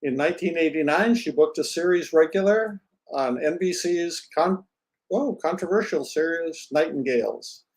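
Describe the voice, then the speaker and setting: A man's voice: a little high, normal speed, poor audio. A man hosting an interview, reading a guest's introduction and then chatting in a friendly, joking way. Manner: friendly, jokey, self-deprecating. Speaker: interviewer host.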